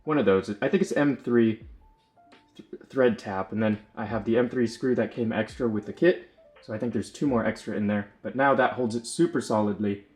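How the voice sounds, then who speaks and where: A man with a somewhat low voice talks through his workshop build in a loose, rambling way, stopping to restart and correct himself. Faint music plays under his voice. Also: moderate pace, darkish tone. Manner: rambling, self-correcting, frequent fillers. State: slightly out of breath. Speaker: lightsaber builder. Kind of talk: casual workshop explanation.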